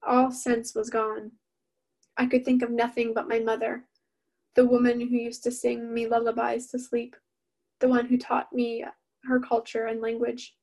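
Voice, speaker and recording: A woman reading her own novel aloud in the first person, steady and even-toned. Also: on the high side.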